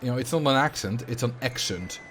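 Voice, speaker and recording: A man's voice: mid-range voice, steady tone, quick pace, faint music behind. A man with a Dutch accent chatting casually as a streamer while playing a game, rambling and answering viewer questions.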